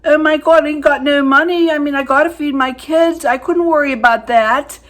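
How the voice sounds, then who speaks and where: A woman in her seventies voicing a brash, big-hearted older aunt who talks loud and high. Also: fairly even intonation, brisk. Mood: exasperated.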